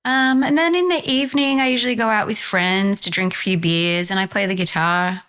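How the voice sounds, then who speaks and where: A woman's voice: mid-range voice, fairly even intonation, brisk, a bit bright, smooth, natural voice. Woman putting on a chill sleepy fisherman guy, confused by the fuss. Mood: easygoing. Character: relaxed Mexican village fisherman, easygoing and unhurried.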